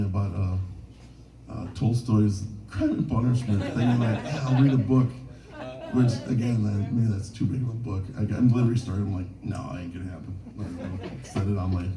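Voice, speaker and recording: A man from Minnesota, a touring musician, rambling through self-deprecating anecdotes between songs at a bar gig. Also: on the low side. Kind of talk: onstage storytelling between songs. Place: bar stage at a live gig. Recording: roomy live venue, distant mic.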